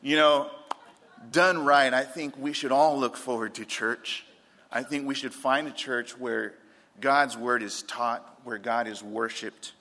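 A man's voice: mid-range voice, fairly even intonation, measured pace, sharp tone. A man preaching a sermon as pastor, repeating his key points and telling light anecdotes, in a church sanctuary. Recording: long reverb of a large room.

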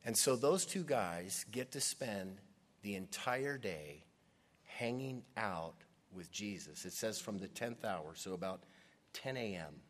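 A man's voice: on the low side, animated, slow pace. A man preaching a sermon, earnest and conversational, acting out scenes as he retells them. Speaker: pastor.

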